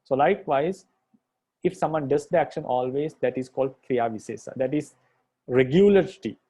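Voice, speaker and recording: Mellow-voiced monk patiently teaching grammar. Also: male voice, mid-range voice, moderate pace, slightly rough. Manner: patient, repetitive, restates points with "right?". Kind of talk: explanatory lecture.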